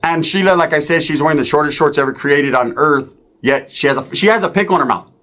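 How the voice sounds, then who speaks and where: Speaking quickly in a slightly high voice, a man recounts a profane tale from the street. He's lively and swears freely, performing everyone else's voices as he goes.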